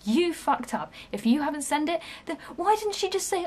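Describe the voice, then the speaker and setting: A woman's voice: high-pitched, sing-song, normal speed, hardly any pauses, darkish tone. Frustrated woman ranting to camera. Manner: frustrated, sweary, lots of fillers and restarts. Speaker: vlogger. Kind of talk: casual storytime rant.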